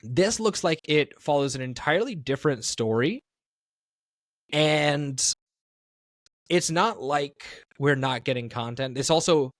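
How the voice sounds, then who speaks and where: A man's voice: a little high, animated, measured pace, dry recording. Rambling man in a dry podcast chat. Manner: rambling, self-correcting, thinks aloud. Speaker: podcast co-host. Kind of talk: casual podcast discussion.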